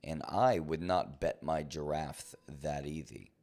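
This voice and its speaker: A man's voice: extremely low pitch, measured pace, gravelly, darkish tone. A man streaming a game live, talking in a playful, rambling way full of silly jokes. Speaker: gaming streamer. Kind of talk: live gameplay commentary.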